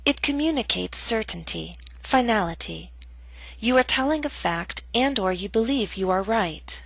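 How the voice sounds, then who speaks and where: A woman teaching an English pronunciation lesson, speaking clearly and deliberately. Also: mid-range voice, lively intonation, fairly bright tone, rough recording. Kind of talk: scripted lesson narration.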